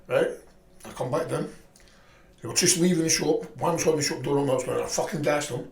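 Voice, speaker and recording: A middle-aged man telling stories in a profane, rambling, animated way. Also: fairly high pitch, fast, creaky, echoey room. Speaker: podcast guest. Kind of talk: casual storytelling chat.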